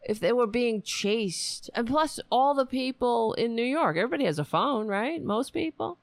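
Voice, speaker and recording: A woman's voice: a little high, animated, normal speed, no echo. A middle-aged American woman hosting a political talk stream from home, rambling and swearing, laughing often and chatting with her viewers. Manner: rambling, profane, laughs often, talks to chat. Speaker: political talk show host. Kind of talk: casual live-stream commentary.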